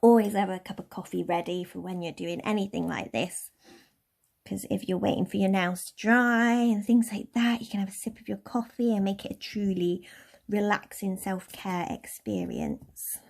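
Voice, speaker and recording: A young woman from Somerset giving a relaxed, chatty nail care tutorial in a lightly posh English accent. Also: mid-range voice, normal speed, vocal fry. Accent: posh-leaning southern English. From Somerset, England. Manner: chatty, relaxed, with soft laughs. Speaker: beauty tutorial host.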